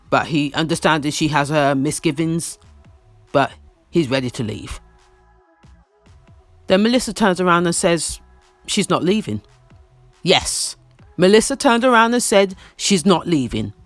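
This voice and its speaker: A man's voice: a little high, expressive, unhurried, long pauses, fairly bright tone, no echo. Opinionated guy recapping reality tv, bouncy up and down voice, dry close sound, faint music behind. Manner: opinionated, repeats lines for emphasis. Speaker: reality TV commentator. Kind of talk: casual recap commentary.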